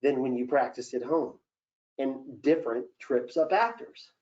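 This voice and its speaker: Animated casting director man coaching actors. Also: mid-range voice, unhurried. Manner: animated, coaching, acts out example lines. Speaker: casting director leading an acting Q&A. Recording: dull lo-fi session recording.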